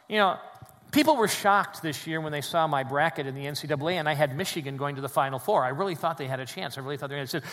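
A male pastor delivers a sermon in a church sanctuary, his fairly high voice trailing off into a long reverb. He rises to loud emphasis on key phrases, then drops to a quiet, low delivery. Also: lively intonation, fast. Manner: dynamic preaching, swings between loud emphasis and quiet drops.

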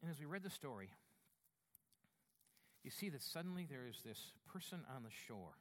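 A male pastor preaching a sermon in a conversational, animated, self-deprecating way. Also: mid-range voice, moderate pace.

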